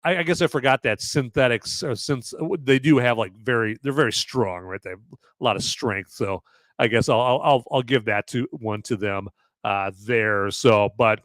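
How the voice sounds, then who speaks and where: A man's voice: medium pitch, moderate pace, fairly bright tone, no room sound. A man hosting a live podcast movie review, ranting profanely and repeating himself as he goes. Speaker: podcast host.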